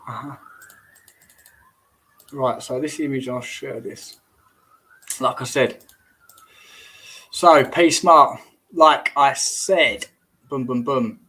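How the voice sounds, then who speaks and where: A man's voice: medium pitch, slow pace, long pauses, bright, forceful tone, slightly rough. A man hosting a casual livestream, rambling and exclamatory, often trailing off and restarting mid-sentence. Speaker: host.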